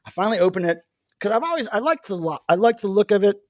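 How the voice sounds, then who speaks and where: A man's voice: high voice, sing-song, quick pace, no echo, clean studio sound. A man hosting a live video chat, talking casually and animatedly, laughing often. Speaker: livestream host.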